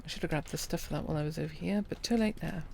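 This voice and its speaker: Woman streamer, calm ambient-stream commentary, slightly creaky, faint background hiss. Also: deep voice, rapid-fire. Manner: calm, thinking aloud while playing. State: hiccuping. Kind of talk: quiet gameplay commentary.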